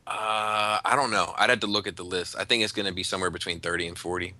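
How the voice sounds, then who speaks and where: A man's voice: low-pitched, fairly even intonation, fast talker, sharp tone. A man co-hosting a podcast in casual chat, laid-back and swearing, with many fillers. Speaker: podcast co-host.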